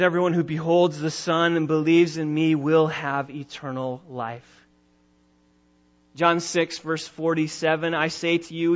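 High-voiced emphatic male preacher. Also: a bit bright, dull audio. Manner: emphatic preaching, slowing and rising on key words. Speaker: pastor. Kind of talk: sermon.

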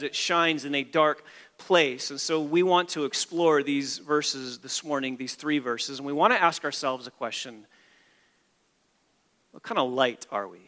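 A man's voice: on the high side, bright, forceful tone, long reverb tail. A man preaching a sermon as a pastor, emphatic and repeating key phrases for stress.

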